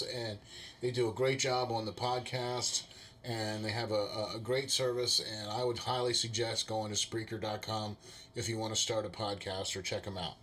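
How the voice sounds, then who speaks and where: A male sports podcast host talks in a casual, friendly way. He rambles and fills pauses often, in an ordinary mid-range voice. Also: medium pitch, sharp tone. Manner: rambling, filler-heavy, friendly.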